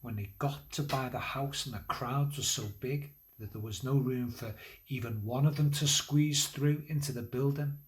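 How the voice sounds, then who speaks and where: A man in a church role, telling a Bible story to children at a school assembly in a gentle, conversational way with pauses and fillers. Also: mid-range voice. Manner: lively, building energy toward the climax of the story.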